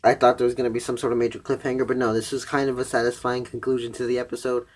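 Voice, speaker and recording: A man's voice: mid-range voice, level tone, rapid-fire. Casual, cursing young man recapping anime. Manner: rambling, profane, heavy use of "like". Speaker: anime reviewer.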